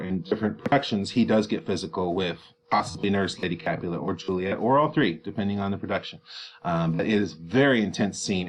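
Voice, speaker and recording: A man explaining a play to students in a conversational way, paraphrasing lines with frequent fillers. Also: deep voice. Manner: conversational, many ums, paraphrases in plain words. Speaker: teacher.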